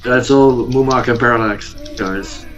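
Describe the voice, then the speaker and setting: A man's voice: mid-range voice, moderate pace, fairly bright tone, dull audio, faint music behind. Enthusiastic male livestream guest. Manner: enthusiastic, laughs while talking. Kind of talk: casual livestream chat.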